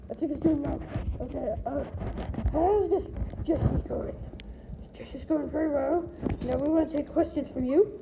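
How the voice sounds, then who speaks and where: Very high-voiced woman filming a puppy. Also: normal speed, vocal fry, pauses often, muffled recording, very noisy. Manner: rambling, restarts sentences, trails into whispers. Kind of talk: casual home video chat.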